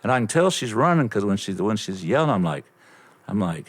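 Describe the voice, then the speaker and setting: An older man telling a lively story as a podcast guest, swearing freely and acting out bits of conversation. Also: on the low side, fairly quick. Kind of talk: casual storytelling.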